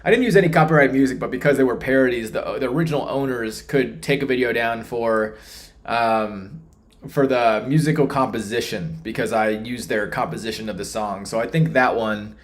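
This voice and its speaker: A man's voice: mid-range voice, brisk. A man from Texas rambling casually as he hosts a live stream and reads the chat. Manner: rambling and chatty, with restarts.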